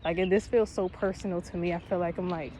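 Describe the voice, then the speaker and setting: A woman's voice: on the low side, fairly even intonation, quick pace, dark tone, slight background noise. Earnest woman giving a slangy pep talk. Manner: earnest, affirming, slangy with swearing. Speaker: spiritual vlogger. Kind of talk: casual spiritual pep talk.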